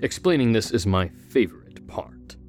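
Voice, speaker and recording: A man's voice: fairly low pitch, animated, normal speed, darkish tone, faint music behind, lightly acted. An actor playing a sinister, giggling carnival showman in an audio drama, speaking in a gleeful, teasing way.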